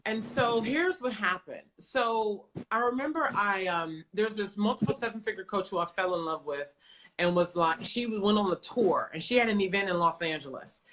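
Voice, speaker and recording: A woman's voice: medium pitch, animated, moderate pace, fairly bright tone, slight background noise. A woman coach, telling a story in a blunt, emphatic way with some swearing, in a casual conversation. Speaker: business coach.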